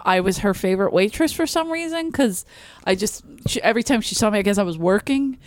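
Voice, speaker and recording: A woman telling animated stories in a casual podcast chat, swearing freely and laughing often, as a former waitress. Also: medium pitch, a little fast, dry recording. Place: podcast studio.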